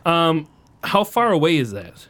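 A man playing a tabletop game, joking and quick to question the rules. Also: a little high, sing-song, fairly bright tone. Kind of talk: casual game banter.

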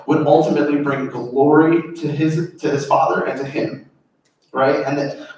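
A man preaching a sermon in an earnest, informal, conversational way, explaining a scripture passage. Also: mid-range voice. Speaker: pastor. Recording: very echoey room, voice far from mic.

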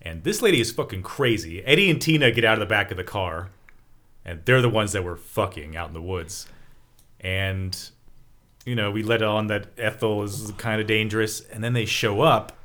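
A man's voice: fairly low pitch, normal speed, fairly bright tone. A man co-hosting a casual podcast, retelling film scenes with lots of laughter. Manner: laughs often, retells scenes with acted-out quotes. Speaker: podcast co-host recapping a film. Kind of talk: casual chat.

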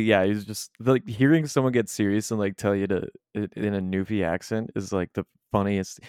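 A young man with a lowish, smooth voice chats and tells rambling stories, laughing often. He sounds close and dry, with no room around him. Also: fairly even intonation, normal speed, few pauses, a little mellow, no echo. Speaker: podcast co-host. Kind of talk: casual chat.

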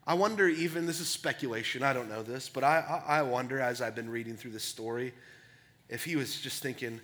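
A man of ordinary pitch delivers a sermon as a pastor. His manner is earnest and conversational, and he keeps checking in with "right?". He moves between hushed, reflective stretches and loud bursts of excitement. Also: fairly quick. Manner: earnest, asks "right?" often.

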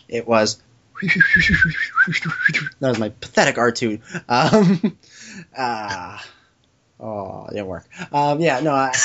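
A man hosts a podcast in casual chat. His pitch swings widely and his speech is hesitant, with restarts and laughs. The recording sounds dull and lo-fi. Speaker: podcast host.

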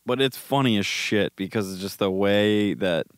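A man's voice: on the low side, moderate pace, smooth, no room sound, studio quality. Swearing man in casual chat. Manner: animated, swears freely. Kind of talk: casual chat reacting to online posts.

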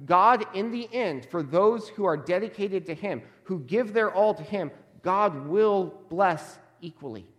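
A man preaching a sermon as a pastor, emphatic and measured, slowing down to stress key words. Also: sits high, big-room sound.

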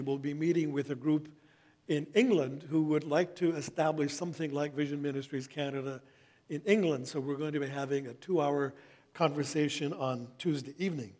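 A middle-aged male pastor preaches a sermon, measured and earnest, reading scripture slowly. His voice is on the high side and a little mellow.

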